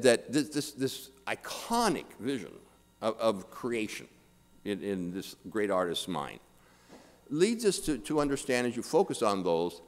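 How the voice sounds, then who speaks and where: A man's voice: medium pitch, darkish tone. An older man, a priest, giving a humorous sermon, often repeating words and checking in with "okay?". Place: church. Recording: long church reverb.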